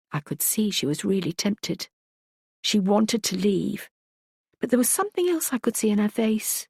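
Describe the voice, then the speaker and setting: A woman reads a first-person thriller audiobook at a mid pitch, measured and reflective. Her storytelling is steady and thoughtful. The recording is dry and close, with no room sound. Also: gravelly, breathy edge, no room sound. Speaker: audiobook narrator.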